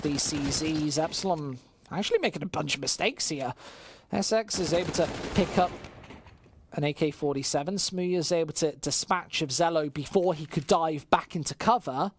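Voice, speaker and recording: An esports caster calls the match live in quick play-by-play, voice jumping up at the big moments. Middling pitch, with a faint hiss sitting under the commentary. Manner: bursts of excitement over big plays, joking with chat.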